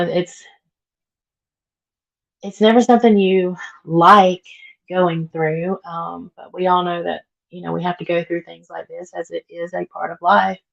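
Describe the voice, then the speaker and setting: Sick-sounding lady chatting on her live stream, lowish gravelly voice, laughs a lot. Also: dull audio. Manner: chatty, reads viewer comments aloud and answers them, laughs often. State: sick, voice worn from illness. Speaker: livestream host. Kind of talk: casual live chat. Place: at home while cleaning.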